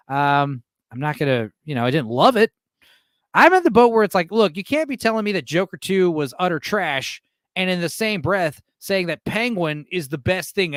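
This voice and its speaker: A man in his late thirties from Texas rambles through a casual stream chat, swearing freely, chuckling and often restarting his sentences. His voice sits a little higher than most men's. It is recorded close and dry, with no room sound. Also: no room sound. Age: late 30s. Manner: loose, profane, chuckling, lots of fillers and restarts. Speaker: streamer host.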